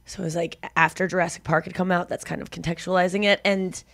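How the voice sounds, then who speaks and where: A woman in her thirties co-hosting a podcast, chatting casually with quick, teasing remarks and easy laughter. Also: lowish voice, steady tone, vocal fry, a bit bright. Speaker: podcast co-host. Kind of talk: casual chat.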